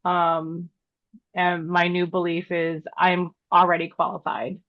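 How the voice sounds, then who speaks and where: A woman's voice: fairly low pitch, monotone, slow pace, no echo. A woman taking part in an online workshop, speaking hesitantly with many fillers over a video call. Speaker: workshop participant. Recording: dull, dry video-call audio.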